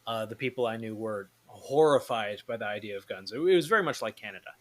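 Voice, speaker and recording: Blunt, swearing podcast host. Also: male voice, lowish voice, animated, fast talker, crowd noise. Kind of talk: casual chat.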